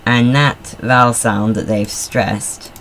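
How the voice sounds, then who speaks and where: A man's voice: mid-range voice, steady tone, slow, a bit bright, a little hiss or hum. A man giving casual, rambling commentary while playing a car design game. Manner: rambling, chatty, self-deprecating asides. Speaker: gamer.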